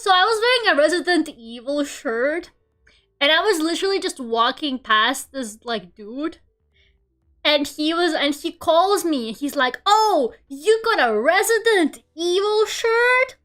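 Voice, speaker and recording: A woman's voice: high voice, animated, unhurried, pushed and bright, soft background music. A young woman streamer chatting casually while she draws, rambling through a story full of fillers and frequent laughs. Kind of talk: casual livestream chat while drawing.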